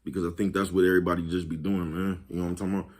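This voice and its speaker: A man's voice: low-pitched, little pitch movement, very fast. A man, talking casually to his viewers, laid-back and repetitive, laughing at his own jokes. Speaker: vlogger. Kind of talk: casual monologue to camera.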